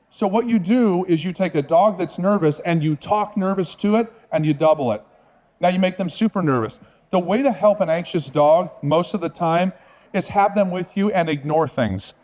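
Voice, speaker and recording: A man's voice: sits high, a little mellow. Confident man giving dog training advice. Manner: confident, persuasive, direct. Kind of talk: talk to an audience.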